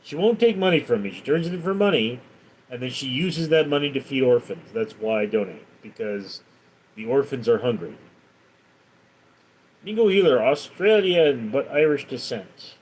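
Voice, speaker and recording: A man on a live stream reads out his viewers' comments and answers them in a relaxed, chatty way. His voice sits at an ordinary middle pitch, and he sometimes pauses or starts a phrase over. A faint background hiss sits under the voice. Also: low-quality recording. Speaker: livestream host. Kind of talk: casual live stream chat.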